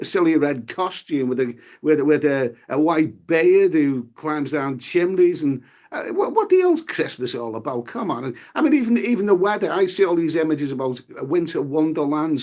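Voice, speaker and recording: A middle-aged man, talking on a casual live stream at home. His voice sits a little high for a man, and he rambles along, reading the chat, repeating himself and swearing offhandedly. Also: animated, moderate pace, a little mellow.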